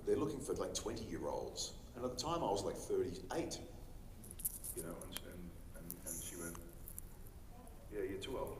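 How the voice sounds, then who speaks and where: A man's voice: deep voice, expressive, moderate pace, noisy background. A man in his forties, a guest at a convention panel, telling chatty stories to a live audience. He laughs often and acts out other people's lines. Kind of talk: anecdotal storytelling to a live audience. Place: large convention hall. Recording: echoey hall recorded from far off.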